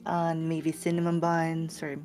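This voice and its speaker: A woman from Sweden chatting casually, relaxed and thoughtful, with frequent fillers. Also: low voice, a little slow, music in the background. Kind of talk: casual chat.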